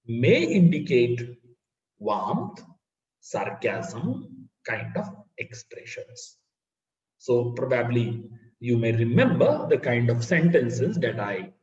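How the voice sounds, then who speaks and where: A man with an Indian English accent giving an online phonetics lecture in a slow, deliberate teaching manner. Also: medium pitch. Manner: slow, deliberate teaching with lively rising and falling intonation. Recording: roomy, dull sound from a distance.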